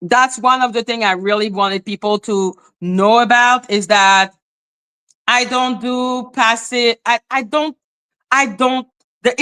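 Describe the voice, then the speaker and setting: A woman with as her ranting bluntly on a live stream, swearing freely, dropping to flat mutters and jumping to high exclaims. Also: smooth. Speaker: livestream host. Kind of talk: casual live-stream rant.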